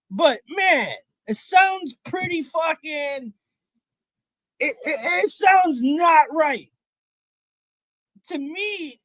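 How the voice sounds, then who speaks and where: A man hosting a live stream, ranting in a heated, profane way and often shouting. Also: very high-pitched, no room sound. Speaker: livestream host. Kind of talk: profane live reaction rant.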